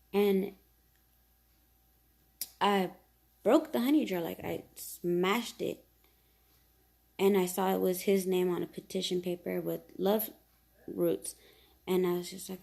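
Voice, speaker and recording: A woman tells a casual storytime tale in a loose, rambling flow, full of fillers and the odd swear word. Her voice is gravelly and low in brightness, with a mellow, relaxed tone and a middling pitch. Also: unhurried, pauses often. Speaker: vlogger telling a story.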